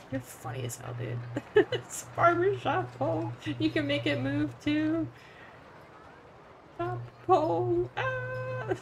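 A woman's voice: high voice, a little hiss or hum, rough recording. A young woman on a casual gaming livestream, rambling, giggling and swearing now and then as she chats with viewers. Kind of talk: casual gaming stream chat.

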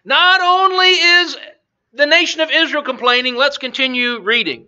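A man's voice: extremely high pitch, moderate pace, pushed and bright. A male preacher giving a chatty Bible lesson, asking the audience questions and chuckling. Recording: dull lo-fi recording.

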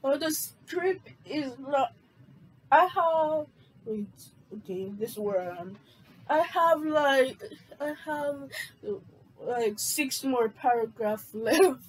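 A woman reading her own homemade script aloud, halting and losing her place. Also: high voice, expressive, poor audio. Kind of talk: casual amateur script reading.

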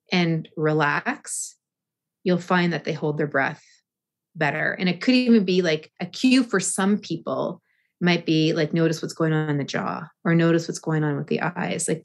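A woman guest explaining balance and breathing in yoga, speaking slowly and deliberately with frequent restarts. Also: low-pitched. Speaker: yoga and movement teacher, guest. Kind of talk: thoughtful interview answers.

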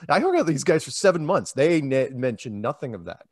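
A man's voice: medium pitch, big pitch swings, fast, few pauses, no room sound, clean studio sound. A man from the United States, talking casually in an interview, rambling with many restarts and quoted asides. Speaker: interview guest.

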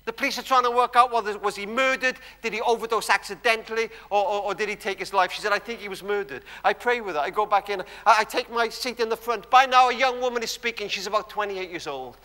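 A man preaching a sermon in a church, telling stories emphatically and dropping to hushed tones. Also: high-pitched, fast, few pauses. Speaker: guest preacher. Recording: long church hall reverb.

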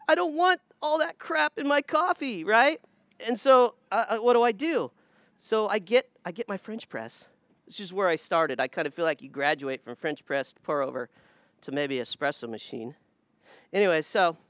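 High-voiced pastor preaching. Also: male voice, dry recording. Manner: conversational storytelling, swings between soft asides and loud exclamations. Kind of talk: sermon. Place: church service with drive-in audience honking horns.

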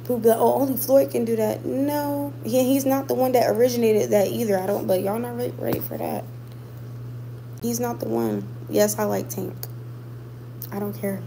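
A woman's voice: on the high side, steady tone, moderate pace, creaky, background noise. A woman boxer chatting casually with her viewers, emphatic and repeating points for stress. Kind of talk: casual livestream chat with viewers.

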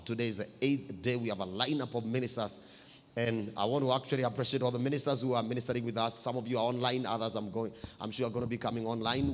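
Pastor preaching in a reverberant hall. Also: male voice. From Kenya. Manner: preaching that climbs louder and higher while reading scripture. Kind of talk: sermon. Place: church hall.

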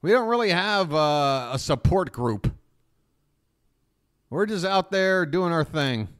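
A man's voice: high voice, animated, unhurried, fairly bright tone, smooth. A man hosting a live stream, talking in a rambling, profane, openly emotional way as he reacts casually to a clip.

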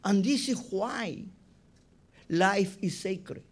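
Slow, high-voiced rabbi preaching. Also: male voice. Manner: emphatic, repeats words, non-native phrasing. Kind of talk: sermon.

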